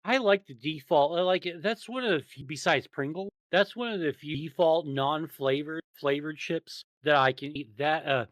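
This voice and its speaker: A man's voice: on the high side, normal speed, hardly any pauses, a bit bright, dry recording. A man with a slightly raised voice, recorded dry with no room sound. He trades crude, profane jokes in casual podcast banter. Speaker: podcast co-host.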